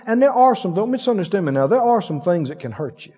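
Preacher, male, lively storytelling sermon, high voice with big swings, dull sound with a long hall echo. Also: quick pace, few pauses, husky. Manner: animated storytelling with laughs and acted-out quotes.

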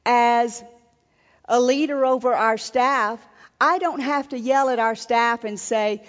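Heard in a lo-fi recording from a reverberant hall, a woman minister preaches earnestly at a marriage seminar. Her voice is high-pitched and her pace measured, with frequent restarts.

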